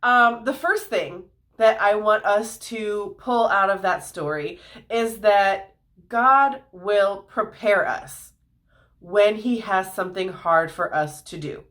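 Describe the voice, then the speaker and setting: A woman giving a casual Bible lesson for kids, retelling the story in everyday slang and talking to the viewers in a relaxed, chatty way. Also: medium pitch, slow. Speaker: youth Bible teacher.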